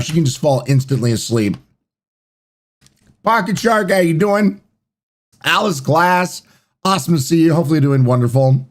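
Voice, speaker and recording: A man's voice: a little high, animated, moderate pace, long pauses. A man hosting a live stream, chatting casually and greeting viewers by name. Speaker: streamer and podcast host.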